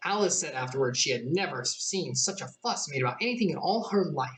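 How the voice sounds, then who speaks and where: A woman's voice: a little fast, hardly any pauses. A woman streamer reading a storybook aloud casually, with chatty asides. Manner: chatty asides, low relaxed voice.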